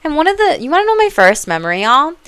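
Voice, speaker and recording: A woman's voice: sits high, very animated, fast, fairly bright tone, no echo. A woman who works as a psychic and coach, talking straight to her viewers in a casual, rambling way. She is blunt, swears freely and keeps calling them "y'all.". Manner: rambling, goes off on tangents.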